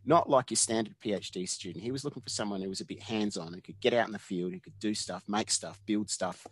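A man's voice: fairly low pitch, fast, husky, dry recording. A man in his fifties with an Australian accent, a guest in an interview telling stories from his working life. He laughs often and acts out what other people said. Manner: animated, laughs often, acts out quoted dialogue. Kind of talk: casual storytelling interview.

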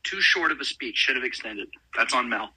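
A young man from Texas chatting on a podcast in an easy, jokey way. His voice is very bright and a little husky. It sounds like a radio-style podcast recording. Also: mid-range voice, lively intonation, brisk, dry recording, rough recording. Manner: laid-back, jokey storytelling. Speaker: podcast co-host. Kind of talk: casual chat.

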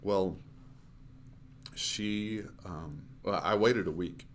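A man in his fifties, a missionary guest telling his story in a conversational interview, earnest and halting, with frequent fillers and restarts. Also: sits low, slight background noise.

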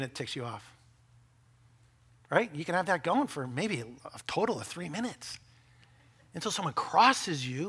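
A man preaching a sermon as pastor, animated and joking with the congregation, acting out quoted voices of people arguing. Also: high voice.

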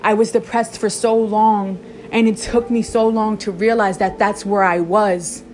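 A woman's voice: medium pitch, steady tone, unhurried, darkish tone, a little hiss or hum. A woman giving a fervent faith-filled pep talk straight to her viewers, repeating phrases for emphasis. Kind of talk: impassioned faith monologue to viewers.

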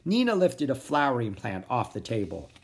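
An expressive narrator reading a children's chapter book aloud. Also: medium pitch, moderate pace, gravelly. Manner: expressive, animated storytelling. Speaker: audiobook narrator.

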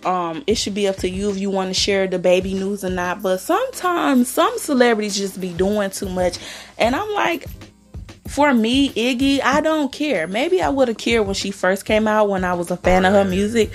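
A woman's voice: mid-range voice, lively intonation, normal speed, faint music behind. A woman hosting her own podcast, sassy and chatty about celebrity gossip, calling listeners honey and girl. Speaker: podcast host. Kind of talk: casual celebrity gossip chat.

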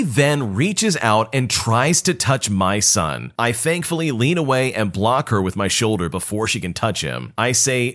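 Male narrator reading a story aloud, lively pitch, animated delivery. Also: normal speed, few pauses.

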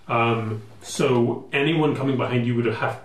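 A man's voice: mid-range voice, measured pace. A man narrating as game master of a tabletop game, rambling and hesitant with many fillers. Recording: echoey room with faint ambient noise.

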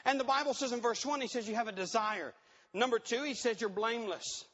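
In a church conference hall, a man preaches a sermon, reading scripture aloud and repeating key words for emphasis. His voice is extremely high-pitched and a bit bright, his delivery brisk, and the recording sounds dull in the reverberant hall.

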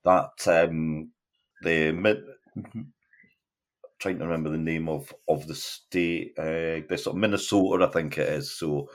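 Man, very deep voice, podcast guest, rambling delivery. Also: steady tone, measured pace. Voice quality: rambling, many fillers and restarts. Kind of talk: casual chat.

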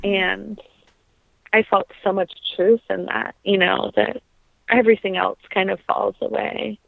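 A woman in her thirties speaks earnestly and reflectively, often pausing with ums. Her voice has a gravelly edge. The sound is dry and tinny, like a phone line. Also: mid-range voice, little pitch movement, no echo. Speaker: podcast guest, opera singer. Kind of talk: conversational interview.

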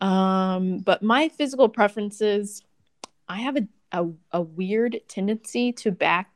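Expressive woman in casual talk. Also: mid-range voice, unhurried. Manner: expressive, laughing asides. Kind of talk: casual conversation.

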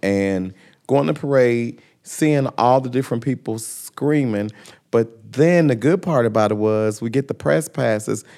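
A man guesting on a podcast, telling lively stories and acting out the other people in them. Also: mid-range voice, measured pace, creaky. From Missouri. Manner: animated storyteller, acts out voices in his anecdotes. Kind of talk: casual podcast interview.

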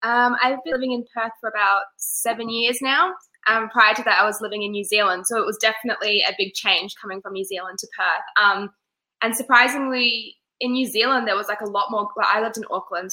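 A woman's voice: mid-range voice, steady tone, brisk, bright, forceful tone, rough recording. A woman guest chatting in a casual interview, her voice nasal from a cold, laughing often with plenty of ums. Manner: giggly, lots of ums. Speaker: interview guest, pageant director.

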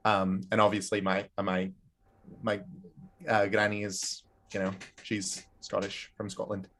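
A man co-hosting a podcast and chatting casually as a game master, halting with frequent restarts and filler words. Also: lowish voice, monotone, a bit bright, a little hiss or hum. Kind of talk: casual chat.

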